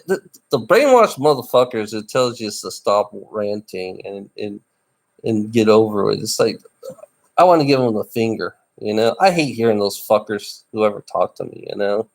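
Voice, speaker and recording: A tired middle-aged man livestreaming alone, ranting bitterly and swearing, with rough laughs between complaints. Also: on the low side. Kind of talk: ranting live stream monologue.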